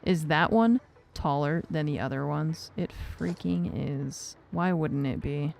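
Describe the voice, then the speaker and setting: A woman's voice: sits low, a little slow, gravelly, a little mellow, a little hiss or hum. A woman streaming a game, chatting casually and self-mockingly with viewers and her cat, laughing often. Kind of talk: casual live-stream chat while gaming.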